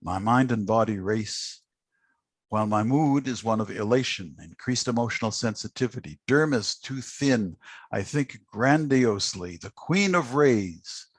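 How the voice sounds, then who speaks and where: A man's voice: fairly low pitch, animated. Easygoing man hosting a poetry reading on a call, takes his time, uh fillers, no room echo. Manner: unhurried, gently joking, with frequent uh fillers. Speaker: host of a poetry prize ceremony. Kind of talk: emceeing and reading a poem aloud. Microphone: video call microphone.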